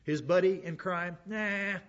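A man's voice: medium pitch, normal speed, breathy edge, dull audio. A man preaching a sermon in a conversational way, with chuckling asides and frequent fillers. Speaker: pastor.

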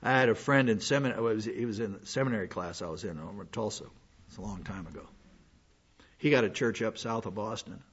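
Older male pastor, rambling folksy sermon, husky slightly high voice, muffled lo-fi recording. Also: a little fast. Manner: folksy, rambling with frequent fillers and restarts. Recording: dull lo-fi sound.

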